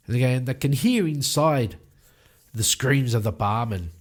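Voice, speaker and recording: A man narrating his solo tabletop game, telling the story in a lively way and acting out scenes. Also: mid-range voice, measured pace.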